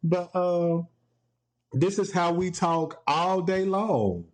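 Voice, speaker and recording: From home, a man hosts a casual solo podcast in a high-sitting, animated voice at a slow pace. He's playful and laughs often, quoting TV clips in put-on voices.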